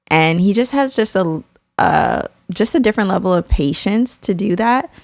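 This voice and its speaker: Gravelly-voiced young mom on a podcast. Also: female voice, medium pitch, expressive, moderate pace, darkish tone, no room sound. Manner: open, candid and appreciative. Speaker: podcast co-host, mother. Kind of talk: casual conversation.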